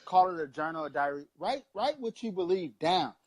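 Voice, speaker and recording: A man's voice: fairly high pitch, expressive, normal speed, over a noisy crowd. A man in his thirties from Long Beach, California, co-hosting a casual political chat show with impassioned, profane, rambling preaching. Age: 30s. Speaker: co-host.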